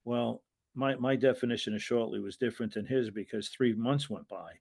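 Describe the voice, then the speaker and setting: Older man, American, interview guest, rambling storyteller, restarts a lot, middle-pitched voice. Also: moderate pace, gravelly, a little mellow, breathy edge. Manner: rambling, acts out quoted voices, frequent restarts. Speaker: guest, retired wrestling referee.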